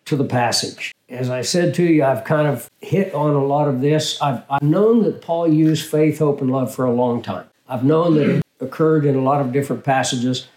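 An older male pastor teaching through a Bible passage in a measured way, often asking rhetorical questions. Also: medium pitch, a little mellow, roomy sound, rough recording.

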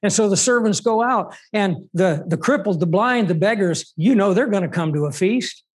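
High-voiced man preaching a sermon. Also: expressive, moderate pace, husky. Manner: emphatic, asks rhetorical questions.

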